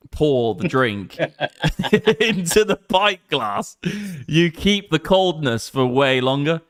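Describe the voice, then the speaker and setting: A man in his thirties with an English accent, rambling excitedly and swearing often on a casual livestream. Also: medium pitch, dry recording, clean studio sound. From England. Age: 30s. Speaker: crypto streamer.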